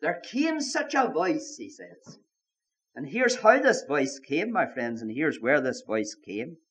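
A man's voice: on the high side, sing-song, slow pace, fairly bright tone. A man preaching a sermon with emphasis, repeating his key phrases.

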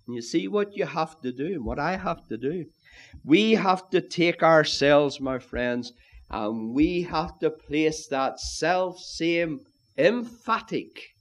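A man preaching a sermon, emphatic and deliberate, swinging from loud rising appeals to quiet, dropped phrases. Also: a little high, expressive.

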